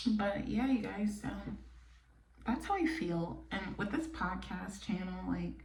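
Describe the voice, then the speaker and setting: A woman from New York hosting her own podcast, talking candidly and bluntly, sometimes dropping to a soft near-whisper. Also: medium pitch, slow, gravelly. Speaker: podcast host. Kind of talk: casual personal monologue. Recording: echoey room, mic a bit distant.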